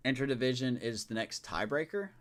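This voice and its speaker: A man's voice: mid-range voice, a little fast. A man streaming a baseball video game live, reacting casually and with exasperation as he plays. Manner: animated, talks to himself, exasperated reactions. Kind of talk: casual live gameplay commentary.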